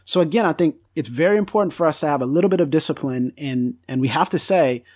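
A man co-hosting a podcast, talking about theology in a direct, candid and animated way. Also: on the high side, fast talker, no echo, clean studio sound. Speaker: podcast co-host. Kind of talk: theological discussion.

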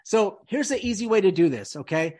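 A man's voice: high voice, sing-song, a little fast, darkish tone. A man hosting a casual podcast, rambling and emphatic, peppering his talk with dude and man. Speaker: podcast host. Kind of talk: casual conspiracy podcast chat.

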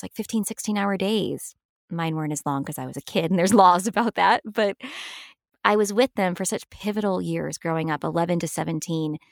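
Upbeat middle-aged woman, low voice. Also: gravelly, no echo, studio quality. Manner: enthusiastic, laughs often. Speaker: actress guest. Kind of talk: casual interview chat.

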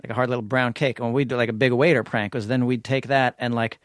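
A man's voice: mid-range voice, fairly even intonation, fast, no echo. New york guy cohosting a podcast, crude rambly storyteller, dead dry mic. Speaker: podcast co-host. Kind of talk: casual comedic chat.

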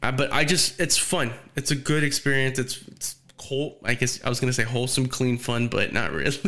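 Casting: young man, laid-back and profane, animated storyteller with mid-range pitch. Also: a little fast. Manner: swearing, animated storytelling with shrill acted quotes. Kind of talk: casual chat.

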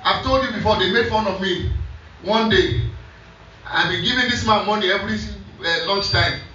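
Male pastor, high bright voice, storytelling sermon, distant echoey church hall. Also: normal speed, muffled recording, a little hiss or hum. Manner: storytelling, repeating scripture back to the congregation.

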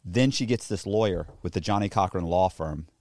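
A man's voice: low-pitched, moderate pace. A man telling his own story in a casual interview, profane and indignant, quoting others as he goes. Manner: profane, animated, indignant retelling. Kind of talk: casual storytelling, reacting to a documentary clip.

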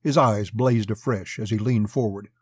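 A man narrating a western novel in a steady storytelling voice. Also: lowish voice, normal speed, slightly rough, no echo. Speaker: audiobook narrator.

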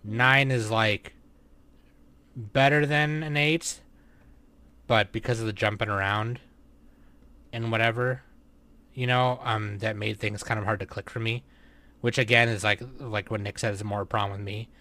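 A man's voice: lowish voice, measured pace, pauses often. A man co-hosting a casual podcast chat, talking with many fillers and some swearing. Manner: filler-heavy, swears, lively. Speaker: podcast co-host.

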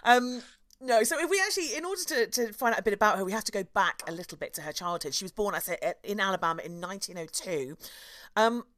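A woman's voice: mid-range voice, animated, fast talker, a bit bright, no echo. A woman hosting a casual chat, telling stories with frequent laughs and fillers. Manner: chatty, laughs often, many fillers. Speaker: podcast host.

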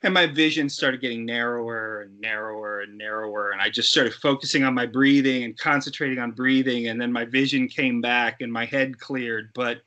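A middle-aged man telling stories as an interview guest, animated and acting out quoted voices. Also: medium pitch, moderate pace, few pauses, highs cut off. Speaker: interview guest, creature suit performer. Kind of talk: casual storytelling interview.

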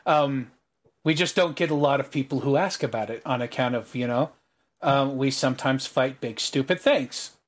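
A man narrating as game master of a tabletop role-playing game, voicing characters by dropping low and quiet. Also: moderate pace.

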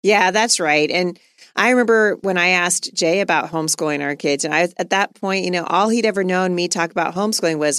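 Woman, middle-aged, podcast host, earnest conversational talk, lowish pitch. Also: fairly quick, a bit bright, no room sound, clean studio sound. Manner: earnest, conversational, laughs easily.

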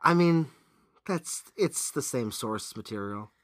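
A man's voice: medium pitch, expressive, slow, no echo, clean studio sound. A man co-hosting a podcast in casual chat, sarcastic and teasing, swearing freely, with a stuffy nose. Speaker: podcast co-host.

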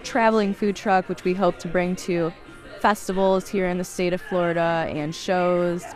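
A woman bar owner talks loosely and chattily, dropping ums as she goes. Her voice sits on the low side. Faint music plays in the background. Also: fairly even intonation, moderate pace. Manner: casual, chatty, frequent ums. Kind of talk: interview soundbites.

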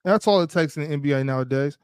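A man on a sports panel chatting casually, animated and repeating himself when excited. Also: on the high side, fast talker, smooth, dry recording, clean studio sound.

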